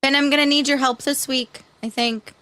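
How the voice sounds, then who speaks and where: A woman's voice: high-pitched, steady tone, normal speed, a bit bright, no room sound. A woman co-hosting a podcast in playful, teasing banter. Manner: teasing, playful, greets the chat. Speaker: podcast co-host. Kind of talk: casual banter on a live stream.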